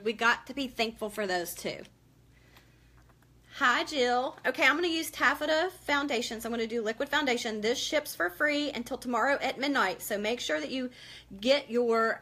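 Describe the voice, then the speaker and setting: Bright, chatty woman on a live stream. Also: on the high side. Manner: chatty, emotional, greets viewers by name. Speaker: makeup seller hosting a live stream. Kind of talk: casual live-stream makeup tutorial.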